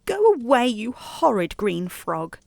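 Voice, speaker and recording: A woman's voice: medium pitch, expressive, normal speed, dry recording, lightly acted. A woman voicing a weepy little schoolgirl. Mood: cross. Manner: petulant, weepy, pleading. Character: tearful little girl on her way to school. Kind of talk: bedtime story reading.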